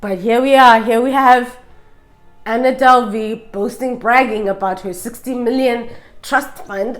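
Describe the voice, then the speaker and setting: A woman's voice: fairly high pitch, normal speed, faint music behind. A woman vlogger giving an opinionated casual review, sassy and emphatic, full of rhetorical questions.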